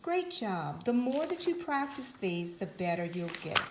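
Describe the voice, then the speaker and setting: A woman leads a phonics lesson for young children, speaking slowly and clearly. She sounds encouraging and sets out each step with care. Her voice carries a roomy echo. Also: medium pitch, big pitch swings, noisy background. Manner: slow, clear, encouraging teacher voice. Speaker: teacher.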